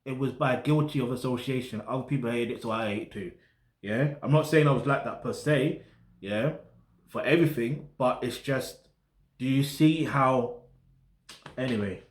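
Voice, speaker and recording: A man with a South London accent rambles casually to camera while reviewing music, throwing in slang tags like "get me" and "yeah." His voice is mid-range and moderately paced, with a roomy sound. He's a music reaction host filming in a flat in a residential block.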